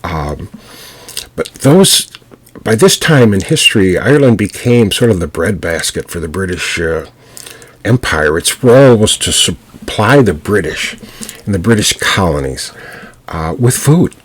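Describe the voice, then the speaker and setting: Man, very low voice, husky, solo podcast talk, thoughtful pauses, restarts. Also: big pitch swings. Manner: unhurried, frequent "uh" pauses and restarts. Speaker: storyteller and podcast host. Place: home.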